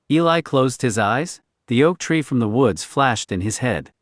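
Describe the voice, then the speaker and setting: A man reading a story aloud in a quiet, clipped, understated way. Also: mid-range voice, expressive, a little slow, no room sound, studio quality. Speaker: narrator. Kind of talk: scripted story narration.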